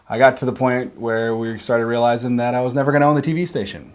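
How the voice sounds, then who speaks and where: A man's voice: mid-range voice, a little mellow. A man who runs an auction business, giving an upbeat, salesy walking tour of his warehouse. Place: warehouse facility.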